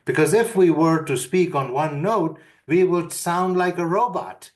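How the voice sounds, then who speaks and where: A man giving a webinar lesson, calmly guiding listeners through breathing and humming exercises. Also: a little high. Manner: calm, deliberate instruction. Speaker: webinar speaker. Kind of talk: instructional webinar talk.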